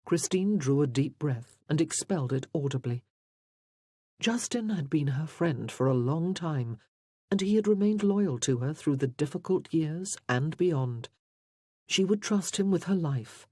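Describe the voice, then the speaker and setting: A man narrating a period romance audiobook in a measured, expressive way. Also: on the high side, no echo, clean studio sound. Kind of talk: scripted narration.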